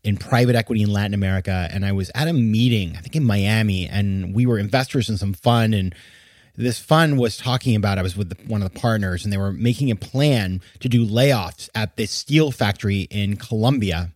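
A man's voice: on the low side, fairly quick, a little mellow, no room sound, studio quality. A man hosting a podcast, giving emphatic, exasperated casual commentary and laughing now and then as he talks. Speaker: podcast host.

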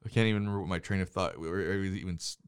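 A middle-aged man co-hosts a relaxed movie podcast, playing the wry, mock-exasperated father. His voice sits on the low side and comes across smooth and resonant. The booth sound is dry and close, with no room echo. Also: very fast. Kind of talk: casual movie chat. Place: studio booth.

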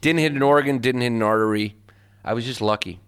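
A man's voice: mid-range voice, quick pace, smooth. A man, a stand-up comedian, telling his story casually in an interview with loose fillers and laughs.

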